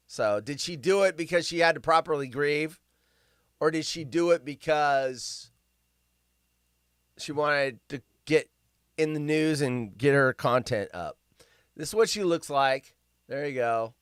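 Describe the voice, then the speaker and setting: A man's voice: a little high, fairly bright tone, clean tone, dry recording, studio quality. A man hosting a casual livestream. He rambles and sounds sarcastic and incredulous as he reacts to news stories. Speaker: livestream host.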